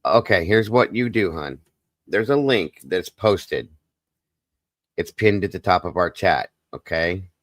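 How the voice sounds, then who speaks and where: Deep-voiced man hosting a livestream. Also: lively intonation, a little slow, dry recording, clean studio sound. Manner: soft, consoling, emotional. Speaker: livestream host. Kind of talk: live stream chat, reading comments.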